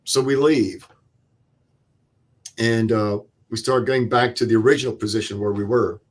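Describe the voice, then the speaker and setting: An older man, a veteran guest in an interview, retelling a night in combat in plain, vivid words with quoted dialogue and pauses. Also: on the low side, steady tone. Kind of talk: interview storytelling.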